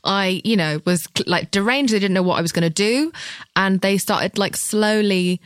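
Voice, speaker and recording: A woman hosting a podcast over a video call, quick and playful, laughing easily. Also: mid-range voice, clean tone, no echo, studio quality. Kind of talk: casual conversation. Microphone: video call from far away.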